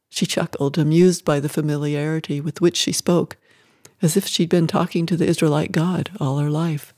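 A narrator giving an expressive, emotive audiobook reading of a story. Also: mid-range voice, normal speed, no echo, studio quality.

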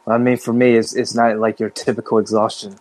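A man from the Chicago area, a guest on a casual talk show, sounding drained and speaking haltingly with many fillers and restarts. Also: lowish voice, little pitch movement, a little mellow, no room sound, poor audio. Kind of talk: casual conversation.

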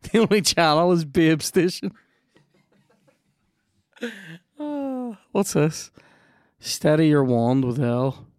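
Sweary excitable Northern Irish man. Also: fairly high pitch, slow pace, long pauses, no room sound, studio quality. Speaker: podcast host playing a video game. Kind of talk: casual gameplay commentary.

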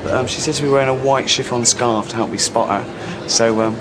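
A man's voice: mid-range voice, steady tone, brisk, natural voice. An actor playing an awkward, self-important middle-aged office manager in a sitcom, mumbling hesitantly under his breath. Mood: awkward nervous. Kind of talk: TV sitcom mockumentary acting. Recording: busy pub crowd and background noise.

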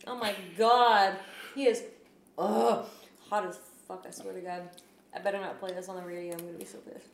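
A woman hosting a casual chat, telling profane, animated stories about meeting celebrities. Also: medium pitch, moderate pace, gravelly. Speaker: podcast host. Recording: echoey room, faint noise.

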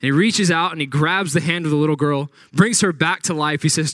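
A man's voice: fairly high pitch, fairly quick, fairly bright tone, no echo. A man preaching a sermon, reading scripture aloud and retelling the story with dramatic acted-out quotes. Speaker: pastor.

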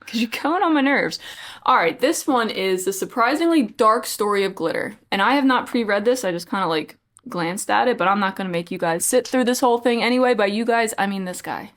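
A woman's voice: mid-range voice, animated, brisk, a bit bright. A woman co-hosting a casual craft podcast, reading articles aloud in a playful, teasing way and stumbling over hard words. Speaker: podcast co-host.

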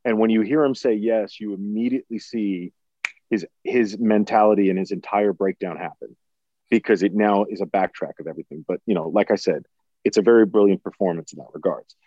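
Podcast co-host, forties, low warm voice, dry lo-fi sound; thoughtful and long-winded. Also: male voice, fairly quick, no echo. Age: 40s. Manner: thoughtful, builds long points with restarts. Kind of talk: casual film discussion. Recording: dull lo-fi sound.

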